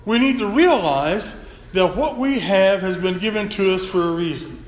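A man's voice: high voice, moderate pace. A man preaching a folksy, earnest sermon to his congregation. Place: church sanctuary. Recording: echoey church hall, faint room noise.

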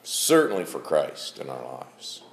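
A man's voice: a bass voice, huge pitch swings, unhurried, creaky, echoey room. A middle-aged man preaching a sermon in a church, folksy, calling out members of the congregation by name.

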